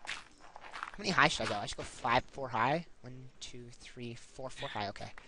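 A man casually chatting while playing a block-building game with friends, bossy and joking, with loud excited shouts. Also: medium pitch, normal speed, background noise. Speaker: gamer. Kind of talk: casual gameplay chat.

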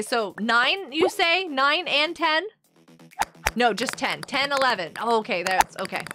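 A young woman chatting excitedly with viewers as she streams a game. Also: high-pitched. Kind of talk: live gameplay commentary. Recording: game music behind. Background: game music.

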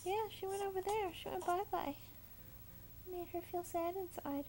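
A woman's voice: very high-pitched, normal speed, background noise. A woman talking to her baby in sing-song, cooing baby talk. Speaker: mother.

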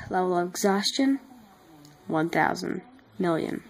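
A woman's voice: on the low side, animated, takes it slowly, rough recording. A young woman vlogging late at night on her phone at home, exhausted, yawning and rambling in a drowsy way. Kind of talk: sleepy late-night chat to camera. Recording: faint background noise.

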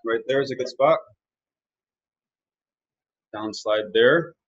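Male violin teacher on a webinar, relaxed explainer, mid-pitched voice, lo-fi audio. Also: takes it slowly, a little hiss or hum. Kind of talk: live online music lesson.

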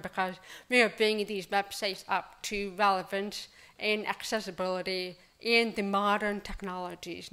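Casting note: woman of mid pitch, upbeat and chatty presenter, polls the room. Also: a bit bright. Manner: upbeat, enthusiastic, conversational. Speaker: conference speaker. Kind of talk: conference presentation. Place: conference hall. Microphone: speaker microphone.

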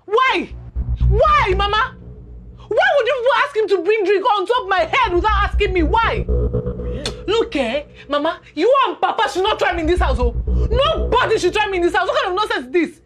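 A young Nigerian woman, fiery and insistent, her high voice rising and falling hard. She presses each question at her parents in an indignant tone. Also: sing-song, fairly quick. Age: young adult. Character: defiant young woman refusing an arranged marriage. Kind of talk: Nollywood film acting.

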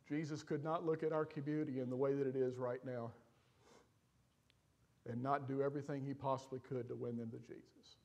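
A man in the middle of his register delivers an emotional sermon from the pulpit, pleading and then pressing hard with loud, emphatic appeals. His voice rings out through a church with a long reverb tail. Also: mid-range voice, level tone, fairly quick, creaky. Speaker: pastor. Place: church sanctuary.

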